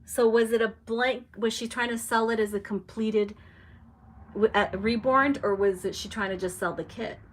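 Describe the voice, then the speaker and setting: A woman's voice: fairly high pitch, normal speed. A young adult woman casually hosting a live stream, chatting and reading out viewer comments. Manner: chatty, reads viewer comments aloud, animated reactions. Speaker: livestream host.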